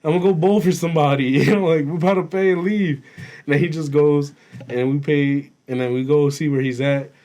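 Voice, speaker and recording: A young man co-hosting a podcast, telling a story in casual chat, animated and profane, laughing as he goes. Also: on the high side, normal speed. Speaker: podcast co-host.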